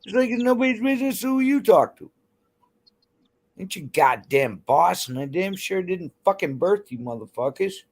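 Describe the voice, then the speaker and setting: A woman's voice: lowish voice, animated, moderate pace, a little mellow. A woman hosting a livestream, ranting bluntly and heatedly with constant swearing. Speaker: livestream host. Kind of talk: angry livestream rant to chat.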